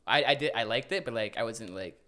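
A man's voice: mid-range voice, brisk. Swearing young man telling stories. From Newfoundland, Canada. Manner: animated storyteller with frequent repeats and swearing. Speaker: podcast guest, rapper. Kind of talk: casual chat.

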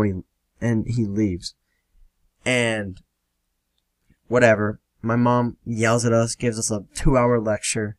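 A man's voice: on the low side, a little slow, pauses often, no echo. Young man swearing through a story. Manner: profane, animated retelling with quoted dialogue. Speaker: podcast host. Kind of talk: casual solo storytelling.

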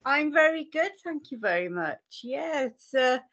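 A woman's voice: high-pitched, big pitch swings, normal speed, a bit bright, lo-fi sound, a little hiss or hum. A woman with a Welsh accent, chatting casually as an author guest on a podcast in a self-deprecating way. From Wales. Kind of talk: casual interview chat.

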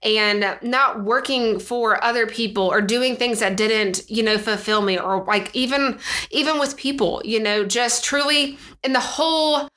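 A woman's voice: fairly high pitch, a little slow, sharp tone. A woman co-hosting a podcast in casual chat, rambling with lots of filler words and restarts. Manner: rambling, heavy use of "like" and "you know".

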